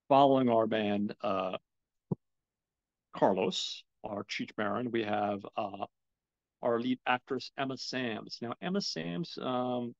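A man's voice: medium pitch, creaky, a little mellow, dry recording, lo-fi sound. A man hosting a casual film podcast alone, rambling with many ums and swearing when his gear acts up. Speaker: podcast host reviewing films. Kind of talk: casual solo film talk.

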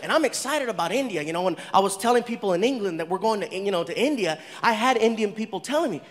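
A man performing an animated stand-up comedy set, acting out voices as he tells stories. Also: sits high, fast talker, hardly any pauses. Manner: animated storytelling with acted-out voices. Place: large comedy venue. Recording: echoey venue with loud crowd. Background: audience laughter.

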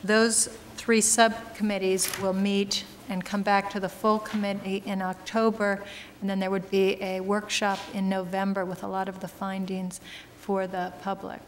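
Flat-voiced woman giving a committee report. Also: medium pitch, normal speed, hardly any pauses, big-room sound, a little hiss or hum. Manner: plain, explanatory. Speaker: school board member reporting on a committee. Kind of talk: public meeting report.

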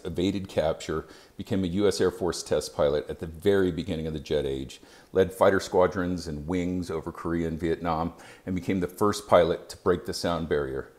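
A man giving scripted narration as an EMS educator, with a measured, even delivery. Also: low voice.

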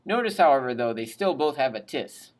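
A woman's voice: rumbling low, expressive, darkish tone. A woman teaching Latin grammar in a recorded lesson, drilling verb endings aloud and adding chatty, plain asides. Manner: drills conjugations aloud, pausing for students to repeat.

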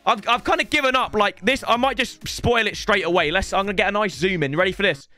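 Young YouTuber, high bright voice, bouncy excitable unboxing chatter. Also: male voice, fast talker, soft background music. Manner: excitable, rambling, jokey. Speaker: football gaming YouTuber. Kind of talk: casual unboxing chat to viewers.

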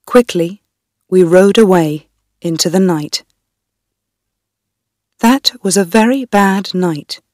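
Woman reading a story for learners, super slow, lowish voice, dry close sound. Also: a little mellow, no echo. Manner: slow, careful, plainly spoken. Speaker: audiobook reader.

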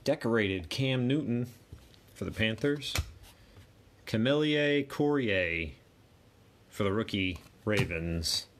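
Animated yet slow-paced, this lowish-voiced man leaves long pauses while opening packs in a card break. His fairly bright voice calls out each card amid chatty self-directed asides, with a little hiss or hum present.

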